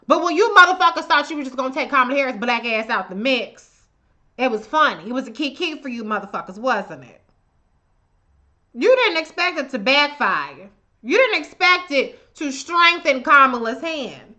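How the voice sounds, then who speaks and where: A woman's voice: sits high, lively intonation, normal speed, sharp tone. A woman hosting a live stream, greeting viewers by name and ranting with heavy profanity and open contempt. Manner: profane, fiery and contemptuous rant. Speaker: livestream host. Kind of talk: live political commentary.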